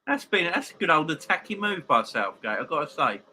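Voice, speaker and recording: Male streamer, sharp bright tone, joking live chat with viewers from home. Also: a little high, very animated, a little fast, poor audio. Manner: chatty, joking banter with viewers. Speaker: host of a live football watchalong.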